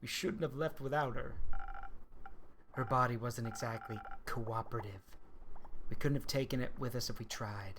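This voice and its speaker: A man streaming a cozy visual novel, reading the characters' lines aloud in a subdued, quiet way. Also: mid-range voice, moderate pace, long pauses. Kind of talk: reading game dialogue aloud.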